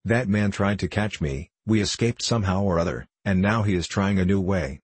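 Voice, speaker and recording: A man's voice: sits low, moderate pace, slightly rough, dry recording. A man voicing a weary, timid male bank cashier who speaks in a hesitant, worried way in an audiobook.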